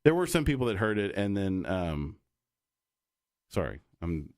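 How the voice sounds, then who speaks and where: A young podcast co-host with a deep, darkish voice and big pitch swings talks unhurriedly in casual, rambling chat, full of fillers and restarts. The recording is dry and clean, studio-quality.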